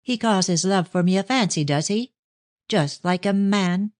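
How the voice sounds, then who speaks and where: A woman's voice: medium pitch, moderate pace, a little mellow, no echo, studio quality, pitched above the performer's own voice, lightly acted. A woman voicing a proud, indignant young woman who speaks crossly in a storybook reading. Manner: cross, agitated.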